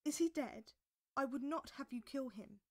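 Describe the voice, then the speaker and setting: A woman's voice: high voice, normal speed, a little mellow. Woman reading as a proud young king. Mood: alarmed.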